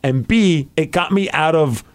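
Excitable podcast host man. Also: on the high side, unhurried. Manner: excited, rambling, heavy use of "like". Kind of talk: casual podcast storytelling.

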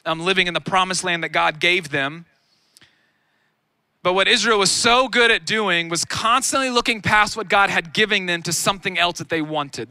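A man in his thirties preaching a sermon on a lawn, energetic and conversational with self-deprecating humor. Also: high voice, no room sound. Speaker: pastor. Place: outdoor lawn gathering.

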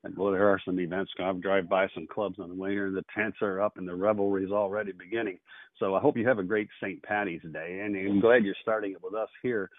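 A man hosting a call-in radio show with fast, upbeat auctioneer patter. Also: low-pitched, fairly even intonation, no room sound. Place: radio studio. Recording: phone-like narrow band.

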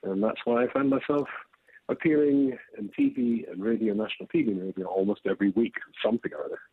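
A man's voice: on the low side, fast, breathy edge, dry recording. Scottish man on a tinny phone line. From Scotland. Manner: animated storyteller, laughs often. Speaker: rabbi and radio guest. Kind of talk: remote interview.

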